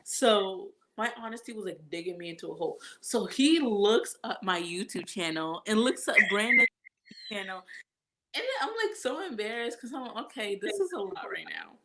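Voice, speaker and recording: Over a noisy background, a woman with a mid-range voice chats casually at a normal pace as a guest vlogger. She tells a long, animated anecdote, acting out quoted back-and-forth and laughing often.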